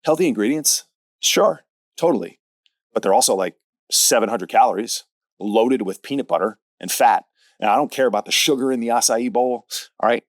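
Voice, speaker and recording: A man's voice: medium pitch, fairly quick, no room sound, studio quality. A man hosting a podcast as a fitness coach, talking directly and punchily in a casual solo monologue, often checking in with "all right?".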